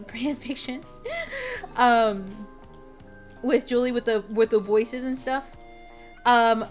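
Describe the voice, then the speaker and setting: A young woman streamer chatting casually with her viewers, rambling with lots of fillers and giggles. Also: fairly high pitch. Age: young adult.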